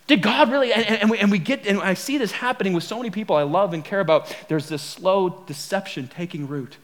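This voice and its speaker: Very high-voiced emphatic male pastor. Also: quick pace, hardly any pauses, fairly bright tone. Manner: emphatic, repetitive, asks the congregation questions. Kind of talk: sermon.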